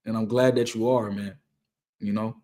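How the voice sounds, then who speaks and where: A man's voice: on the low side, little pitch movement, normal speed, dark tone. A young man hosting a Q&A, talking casually and giving motivational advice, repeating his key points and using slang. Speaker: host answering viewer questions.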